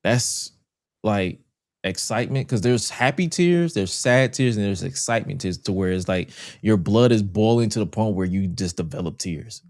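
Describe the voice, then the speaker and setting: A man with a lowish voice co-hosting a casual podcast. He talks loosely in slang and fills his sentences with "like". The sound is dry and close. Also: normal speed, a little mellow, dry recording. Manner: casual, slangy, lots of filler likes. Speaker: podcast co-host.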